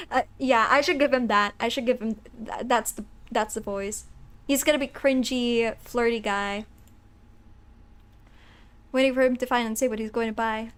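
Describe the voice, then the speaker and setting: An excitable woman live-streaming a game, with a high, bright voice. She reads the story text aloud and chats eagerly with her viewers. Her talk jumps quickly from joking to fretting.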